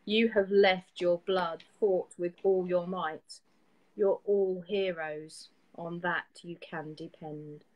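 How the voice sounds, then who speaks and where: Female host, lowish voice, steady poem reads, brisk chat. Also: low-quality recording. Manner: steady, even reading with quick laughs in chat. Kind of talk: casual chat and reading poetry aloud.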